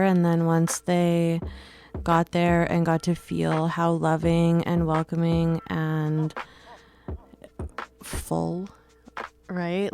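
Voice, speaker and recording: Low, gravelly woman moderating a panel. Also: dark tone. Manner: thoughtful, searching for words, frequent fillers. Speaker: panel moderator and community support worker. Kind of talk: radio panel discussion.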